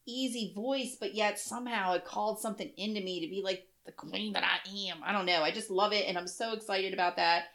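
A woman's voice: mid-range voice, steady tone, quick pace, hardly any pauses, fairly bright tone. A woman co-hosting a casual podcast chat, chatty and gushing, with frequent laughter and repeated words. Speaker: podcast co-host.

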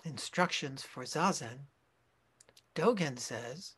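A man gives a dharma talk as a Zen teacher, taking his time and pausing to correct himself. His voice sits a bit high and sounds soft and husky. He speaks very slowly and deliberately. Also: animated. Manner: slow, reflective, with pauses and self-corrections.

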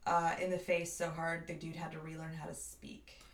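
A woman chatting casually on a podcast, telling stories in an animated way and swearing freely. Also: low voice, moderate pace. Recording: roomy, slightly distant mic.

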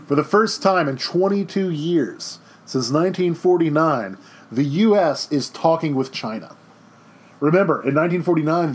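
A man teaching a history lesson over slides in a casual, joking way, with chatty off-the-cuff asides. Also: on the high side.

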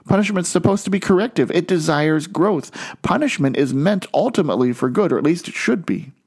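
A man preaching a sermon in an earnest way, slowing down and lifting his voice on key phrases. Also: a little high. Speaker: pastor.

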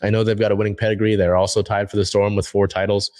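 A man's voice: on the low side, flat delivery, quick pace, a little mellow, no room sound. A young man hosting a casual sports talk show, rambling with lots of fillers and restarts.

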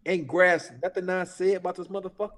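In a large hall, a man in his thirties with a high, brisk, slightly bright voice launches into a casual political rant. He gets heated and profane, hammering his points home by repeating them.

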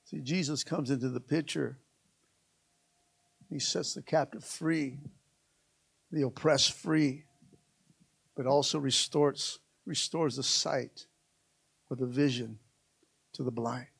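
A man's voice: mid-range voice, steady tone, slow pace, vocal fry, pauses often, slightly rough. A man preaching a sermon as pastor, emphatic and repetitive, calling out to his congregation again and again.

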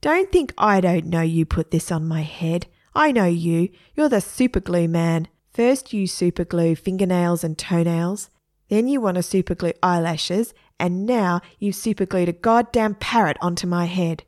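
A woman's voice: fairly low pitch, a little slow, darkish tone, natural voice. A woman reading a story aloud and voicing a grumpy, sarcastic boy who complains and accuses others. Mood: accusing. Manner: indignant, sarcastic.

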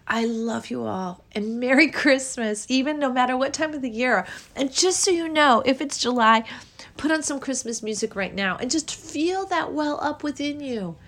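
A woman hosting a podcast, talking in a soft, gushing, emotional way about love and happiness, sometimes dropping to a whisper. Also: fairly high pitch. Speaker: podcast host. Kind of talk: heartfelt spiritual monologue.

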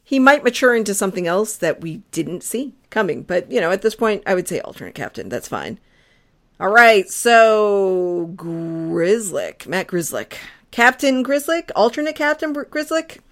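Lively laughing woman podcast host. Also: moderate pace. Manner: playful, laughs often, swings in pitch. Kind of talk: casual chat.

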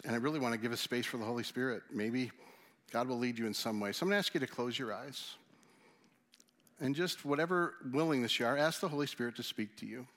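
A male pastor, giving a conversational, animated sermon and then leading a prayer. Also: medium pitch, quick pace. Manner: animated, conversational preaching with acted asides.

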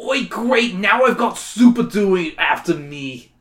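A man's voice: high voice, lively intonation, measured pace, a bit bright, a little hiss or hum, pitched above the performer's own voice. A man voicing a whiny male robot dinosaur monster in a read-aloud comedy podcast, recorded in a roomy space. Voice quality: whiny, nasal.

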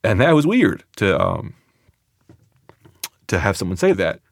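A man's voice: sits low, wildly swooping pitch, measured pace, creaky, no room sound. A man, a comedian, telling a personal story in a casual, conversational way with loose phrasing.

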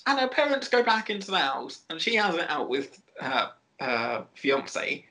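A woman co-hosting a casual film podcast, with a bright, forward voice. She recaps the plot in a rambling way, full of ums and restarts. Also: low-pitched, sing-song, moderate pace, rough recording. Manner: rambling plot recap with frequent fillers and laughs. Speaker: podcast co-host.

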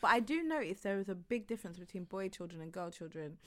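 A woman's voice: medium pitch, lively intonation, fast talker, very noisy. A woman in her thirties, a mother co-hosting a podcast, chatting casually and giggling through anecdotes. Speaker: podcast co-host. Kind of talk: casual chat.

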